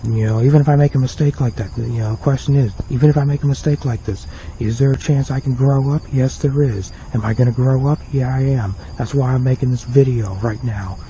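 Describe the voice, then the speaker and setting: A man's voice: mid-range voice, steady tone, fairly quick, dark tone, slight background noise. Young man, remorseful rambling apology vlog, repetitive, faint crickets outside, lo-fi dull recording. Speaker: video creator apologizing to viewers. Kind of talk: unscripted apology vlog to camera.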